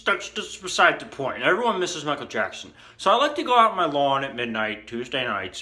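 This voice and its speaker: Bright-voiced, indignant rambling man. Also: medium pitch. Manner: indignant, rambling, profane, lots of fillers. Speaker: comedian in character. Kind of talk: rambling comic monologue.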